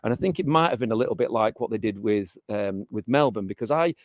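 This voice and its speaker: A fast-talking middle-aged teacher from England has a lowish voice with lively intonation. In this casual interview he hesitates a lot, with many restarts and fillers, and the recording is dry.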